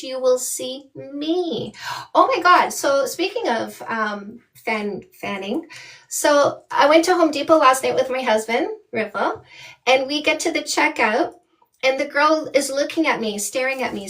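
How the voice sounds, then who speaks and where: A woman with a high, bright-pitched voice talks straight to her live-stream audience, blunt and animated, calling them "my loves." She sounds set back from the microphone. She is a middle-aged dating coach from Canada. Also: recorded from a distance. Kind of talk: casual live-stream chat.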